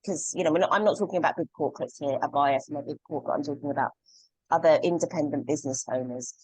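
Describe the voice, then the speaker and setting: A woman's voice: sits low, racing, a little mellow, dry recording, rough recording. A woman sharing a thoughtful, earnest point in a casual group discussion.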